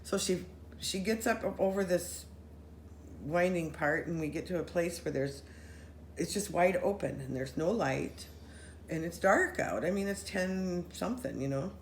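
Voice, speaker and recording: A woman telling a story in casual chat with friends, animated, running her sentences together and acting out what people said. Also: on the low side, unhurried. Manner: animated, acts out quoted voices, run-on sentences. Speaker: storyteller recounting a paranormal experience. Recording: roomy echo with faint noise.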